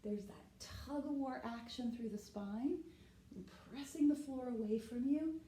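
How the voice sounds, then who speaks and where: A woman's voice: high-pitched, a little slow, warm tone, reverberant, low-quality recording. A woman leading a yoga class, talking while she demonstrates the poses and often checking in with "right?". She sounds slightly out of breath from moving. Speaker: yoga instructor. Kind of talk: guided yoga class instruction.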